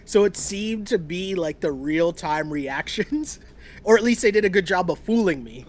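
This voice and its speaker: Guy in his thirties rambling on a podcast, laughs a lot, voice on the higher side. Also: expressive, normal speed. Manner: rambling, laughs often, swears casually. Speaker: podcast co-host. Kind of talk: casual chat about a reality show.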